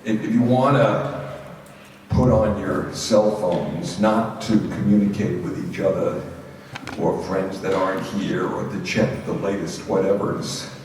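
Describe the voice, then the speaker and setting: Low-voiced man with a Brooklyn accent. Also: steady tone, a little slow, darkish tone. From Brooklyn, New York. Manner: conversational and anecdotal, with frequent repeated words and restarts. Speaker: university president giving a guest talk to students. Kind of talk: informal speech to an audience. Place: large echoey school hall. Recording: echoey hall, distant mic, faint noise.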